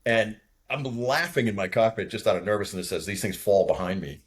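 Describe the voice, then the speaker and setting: A man in his sixties from the Boston area, with a fairly low voice. He tells war stories in a loose, profane, laughing way and acts out radio calls as he goes. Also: brisk, slightly rough. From outside Boston, USA. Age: 60s. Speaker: guest, retired fighter pilot. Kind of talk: casual war storytelling.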